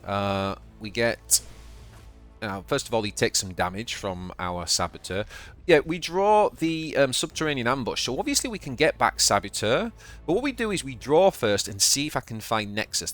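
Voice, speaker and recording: A card game player and channel host talks through his own game in a relaxed, chatty Yorkshire accent. He thinks aloud and regularly stumbles over and repeats words, in a medium-pitched, fairly bright voice.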